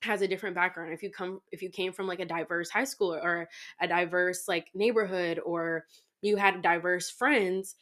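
A woman in her twenties, a podcast guest talking frankly in a casual chat, quick to laugh and full of "like". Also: lowish voice, fairly even intonation, fairly bright tone. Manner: chatty, frank, quick to laugh, heavy use of "like".

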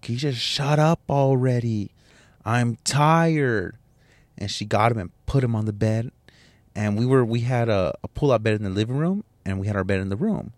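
Young male podcast host, lowish voice, dry close sound, candid emotional storyteller. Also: a little mellow, no room sound. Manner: candid, emotional, rambling with restarts and swearing. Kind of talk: personal storytelling monologue.

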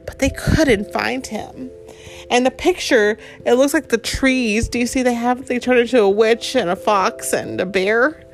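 A woman's voice: fairly high pitch, a little slow, soft background music. A woman reading a picture book aloud to a child, with chatty asides about the pictures.

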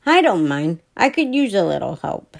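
A woman's voice: mid-range voice, big pitch swings, normal speed, vocal fry. Woman voicing a proud, patient boy bear cub. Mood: reassuring. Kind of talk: storybook reading.

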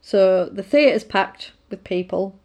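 A woman's voice: mid-range voice, takes it slowly, a little mellow. A woman casually retelling a film plot, rambling with fillers and asides.

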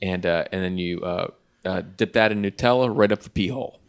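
A man from Pennsylvania chatting casually on a podcast, telling rambling deadpan jokes full of fillers. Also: sits low, brisk, smooth. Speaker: podcast co-host. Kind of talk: casual banter.

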